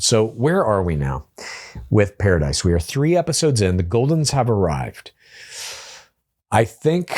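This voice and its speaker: A man hosting a casual reality show recap, chatty and opinionated, with quick asides. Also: on the low side. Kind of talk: casual episode recap commentary.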